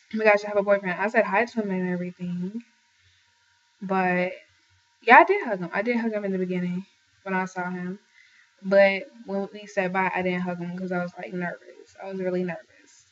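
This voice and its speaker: Young woman, earnest personal storytelling, frequent fillers and restarts, mid-pitched voice, dull lo-fi sound. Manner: earnest, advising viewers directly, with many fillers and restarts. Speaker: vlogger sharing a personal testimony.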